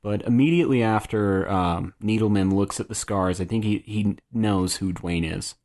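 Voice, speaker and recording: A man's voice: on the low side, normal speed, darkish tone. A man hosting a casual podcast chat, steering the recap and quizzing his co-hosts. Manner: leads the recap, prompting co-hosts with questions. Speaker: podcast host.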